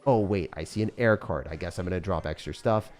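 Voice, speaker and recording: A man's voice: low-pitched, darkish tone. A young man giving live play-by-play commentary on his own game, explaining each move to his viewers. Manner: fast strategic play-by-play, addressing viewers as guys. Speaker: gaming YouTuber.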